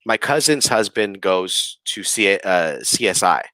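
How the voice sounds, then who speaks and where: A man's voice: sits low, big pitch swings, a little slow, pushed and bright, no room sound. A man, a podcast guest, telling a story casually, rambling with lots of fillers and acting out quoted dialogue. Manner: rambling, filler-heavy, with frequent "like" and "you know"; acts out quoted lines of dialogue. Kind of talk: casual storytelling of a ghost experience.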